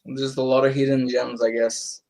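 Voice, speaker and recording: A man in a casual movie chat, hesitant and soft-spoken. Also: medium pitch, level tone, moderate pace, vocal fry. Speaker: podcast guest.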